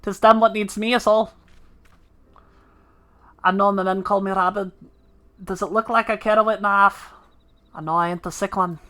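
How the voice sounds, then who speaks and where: A woman's voice: medium pitch, steady tone, moderate pace, long pauses, a bit bright, lightly acted. A woman voicing a fierce young female pirate captain with a put-on Scottish accent, curt and menacing.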